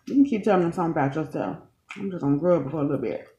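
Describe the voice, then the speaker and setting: A woman's voice: low-pitched, rapid-fire, warm tone. A woman in her thirties hosting a casual eating video, chatting in a folksy way and talking straight to her viewers. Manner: chatty, folksy, keeps calling viewers "y'all". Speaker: channel host, mother. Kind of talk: casual mukbang chat to viewers. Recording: echoey room, dull lo-fi sound.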